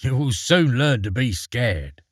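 A man reading as a sly wayside stranger with a knowing, grim tone and a husky voice. The recording is close and dry. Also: medium pitch, very animated, measured pace, no room sound. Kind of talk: storybook reading.

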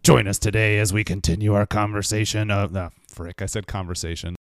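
A man co-hosting a podcast, chatting casually in a wry, rambling, low-key way. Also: level tone, brisk, background noise. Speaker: podcast co-host. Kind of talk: casual chat.

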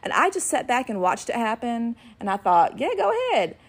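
A middle-aged woman co-hosting a podcast, chatting and telling lively family stories about her kids in an animated way. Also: a little high, normal speed. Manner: animated, acts out her kids' voices when retelling. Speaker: podcast co-host and ministry worker. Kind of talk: casual chat with storytelling.

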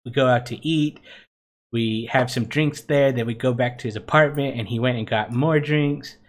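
A man's voice: medium pitch, moderate pace. Young man telling a wild story. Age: young adult. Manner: laughing, profane, self-mocking. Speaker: podcast co-host. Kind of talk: casual storytelling.

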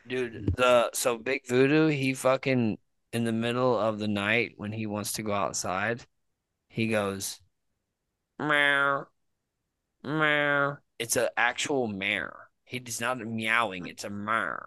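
A man's voice: lowish voice, fairly even intonation, unhurried, a bit bright, no echo. A young man from the United States chatting casually on a podcast, rambling and swearing freely. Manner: profane, rambling, laid-back. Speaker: podcast co-host.

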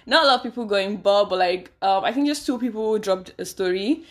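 A woman's voice: medium pitch, brisk. Young woman, solo podcast host: chatty, dramatic, exclamatory, self-deprecating. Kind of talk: casual podcast monologue.

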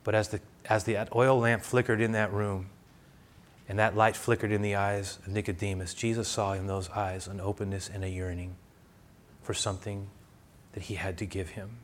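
A middle-aged man preaching a sermon, telling stories conversationally and growing loud and animated at times. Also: on the low side, moderate pace, slight background noise. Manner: conversational, animated storytelling with bursts of loud excitement. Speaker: pastor.

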